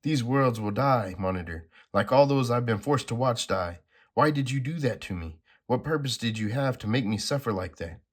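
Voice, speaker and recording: A man's voice: medium pitch, expressive, normal speed, voice pushed up, natural voice. A man reading a comic aloud, voicing a grieving, desperate male survivor in a slightly raised, urgent voice. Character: anguished male survivor, grief-stricken and desperate.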